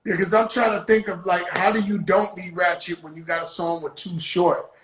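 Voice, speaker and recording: A man's voice: high voice, level tone, normal speed, a bit bright, echoey room, rough recording. A man interviewing a guest in loose, joking street slang, swearing freely and teasing. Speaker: interviewer, rapper. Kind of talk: casual interview chat.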